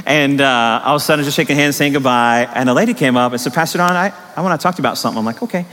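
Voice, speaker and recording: A middle-aged male pastor preaching a sermon, telling stories with animated, emphatic rises in his voice. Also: medium pitch, rapid-fire. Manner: animated storytelling with rising emphatic peaks. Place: church sanctuary. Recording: long hall reverb.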